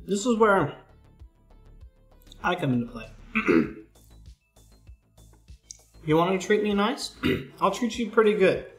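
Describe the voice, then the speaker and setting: Monotone profane man on a stream. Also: sits high, slow, pauses often, roomy sound, soft background music. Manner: blunt and profane, frequent throat clearing. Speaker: streamer, school IT worker. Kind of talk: casual chat on a livestream.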